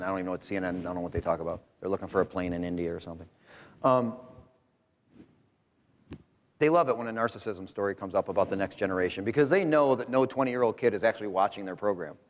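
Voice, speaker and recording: A middle-aged man presenting research at a conference, joking and conversational, recorded in a hall. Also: on the low side. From Rochester, New York. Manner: joking, animated, conversational lecturing. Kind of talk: conference talk. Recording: hall reverb.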